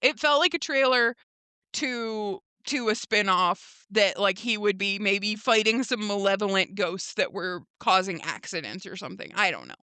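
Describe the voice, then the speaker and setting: A woman's voice: mid-range voice, normal speed, pushed and bright, smooth, no room sound. A young woman co-hosting a podcast, recapping a TV episode in casual chat and acting out the characters' lines with lots of "like" and "um.". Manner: retells scenes by voicing the characters, lots of "like" and "um". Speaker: podcast co-host.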